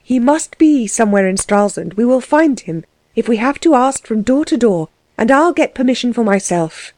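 A woman's voice: on the high side, animated, normal speed, darkish tone, dry recording, close to an everyday voice. Female reader as a determined young heroine in an audiobook, cold, clipped, firm, dry sound. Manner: curt, firm commands.

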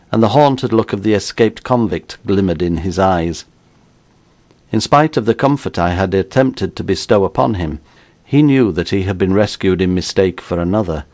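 A man reading an audiobook in a measured storytelling manner. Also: sits low, a little mellow. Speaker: narrator.

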